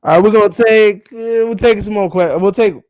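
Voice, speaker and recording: A man's voice: high-pitched, a little fast, darkish tone. A man co-hosting a casual live stream chat, loose and joking and cursing freely.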